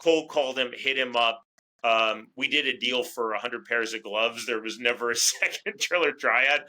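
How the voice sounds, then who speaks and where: A man talking as a guest in a casual interview, chatty and quick to restart his words. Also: mid-range voice, pushed and bright, poor audio. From United States. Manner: talkative, repeats words as he restarts. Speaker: fight commentator, interview guest.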